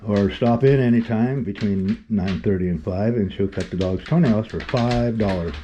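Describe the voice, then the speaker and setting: A man telling a casual vlog story in a rambling, halting way, with many restarts. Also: muffled recording, a little hiss or hum. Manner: talks softly and higher to the dogs. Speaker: vlogger.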